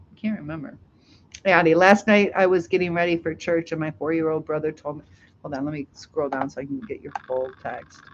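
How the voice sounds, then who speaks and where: A woman's voice: low voice, darkish tone, muffled recording, a little hiss or hum. A middle-aged woman hosting a casual live stream, reading out chat comments, chatty with frequent laughs and fillers.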